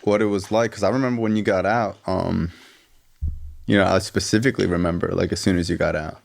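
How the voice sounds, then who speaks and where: Low, gravelly male host who keeps the guest talking with brief questions. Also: fairly even intonation, brisk. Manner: brief prompting questions and acknowledgements. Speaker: podcast host. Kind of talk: interviewing.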